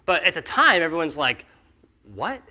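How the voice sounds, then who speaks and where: A man speaking casually at a conference, animated and full of fillers, acting out the skeptics he quotes. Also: high voice, brisk. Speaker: company founder speaking at a conference.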